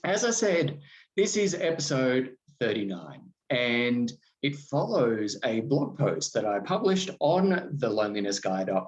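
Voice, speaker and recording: A man's voice: mid-range voice, rough recording. A man hosting a solo podcast, talking in a conversational, reflective way with restarts. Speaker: podcast host.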